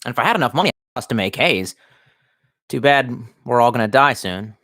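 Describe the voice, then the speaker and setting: A man's voice: mid-range voice, animated, fairly quick, bright, forceful tone. Man, livestreamer, casual chat, rambling, profane, mutters asides, home room. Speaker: livestreamer reading chat comments. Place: his messy room at home.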